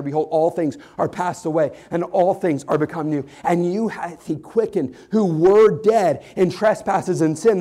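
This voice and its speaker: A young man preaching a sermon as a pastor, telling a story in an animated way with many restarts and fillers. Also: high-pitched. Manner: animated storytelling, rising to excited shouts.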